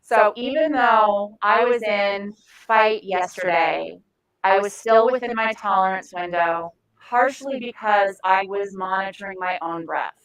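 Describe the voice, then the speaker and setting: A woman's voice: mid-range voice, a little slow, a bit bright, poor audio. A woman giving a live training talk to a group in a room, conversational and often searching for words mid-sentence. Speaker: de-escalation trainer.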